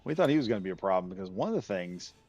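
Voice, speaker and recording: A man's voice: low voice, very animated, rapid-fire, darkish tone, no echo, soft background music. A man telling a story in casual chat on a stream, down-to-earth and often laughing. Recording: dull dry lo-fi sound.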